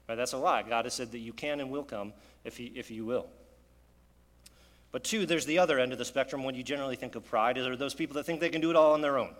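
A pastor with a mid-range voice preaches an earnest, conversational sermon, frequently posing rhetorical questions to his listeners. The sound has a big-room quality.

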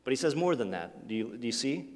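A man preaching a sermon as pastor, asking the congregation rhetorical questions and swinging from forceful lines to hushed ones. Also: medium pitch, fast talker, long reverb tail. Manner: expressive preaching with rhetorical questions, sudden drops to near-quiet.

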